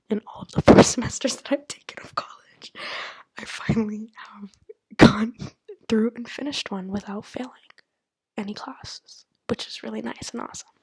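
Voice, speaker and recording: A nineteen-year-old woman rambling candidly into her laptop at home late at night, mostly in a hushed whisper, joking at her own expense. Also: medium pitch, husky, dry recording. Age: 19, turning 20. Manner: rambling, candid, self-mocking. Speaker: college student podcaster. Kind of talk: casual late-night monologue. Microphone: laptop mic.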